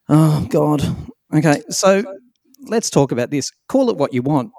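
A man's voice: fairly high pitch, big pitch swings, moderate pace, creaky, darkish tone, dry recording. A man hosting a casual podcast chat, teasing his co-hosts in a playful, mock-scolding way. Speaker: podcast host.

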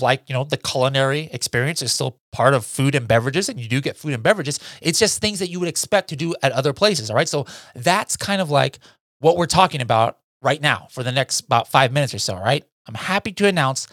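A man's voice: medium pitch, fairly bright tone, dry recording, clean studio sound. A man hosting a podcast, announcing new features in an enthusiastic, chatty way with many "all right"s and "guys". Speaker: podcast host.

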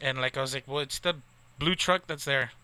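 A man's voice: mid-range voice, brisk, pushed and bright, clean tone. A man in his thirties from near the Texas border, telling a rambling, profane story in casual chat with lots of fillers. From Texas, near the Mexican border.

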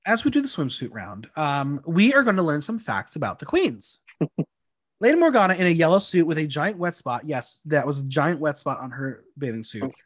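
A man co-hosting a casual recap podcast, animated and chatty, often mimicking voices as he reads quotes. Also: on the high side, normal speed, no echo. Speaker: podcast co-host.

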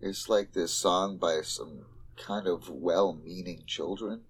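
A man's voice: deep voice, fairly even intonation, slow, noisy background. A man co-hosting a casual podcast, dropping short dry quips. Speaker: podcast co-host. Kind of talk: casual chat.

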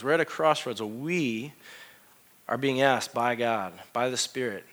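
A middle-aged male pastor preaching a sermon with passion, his voice swinging from hushed to loud exclamations. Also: mid-range voice, a little slow.

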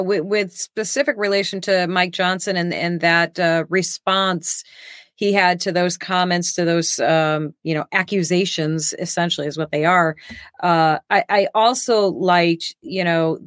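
A woman hosting a casual political chat, talking haltingly with many pauses. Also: lowish voice, fairly even intonation, fairly bright tone, no echo, clean studio sound. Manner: halting, lots of fillers and restarts.

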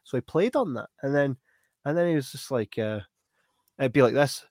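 Scottish male podcaster spinning a lively yarn, dry close sound. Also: mid-range voice, moderate pace, no echo. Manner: animated anecdote-telling, acting out quoted voices. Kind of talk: casual storytelling chat.

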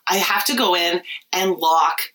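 A woman and mother telling an everyday story in casual chat, lively and laughing often. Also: lowish voice, a little slow, poor audio.

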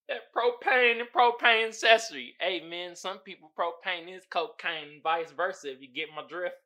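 A man hosting a casual solo podcast, reading memes aloud in profane slang and breaking into loud bursts of laughter. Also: sits high, noisy background. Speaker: podcast host.

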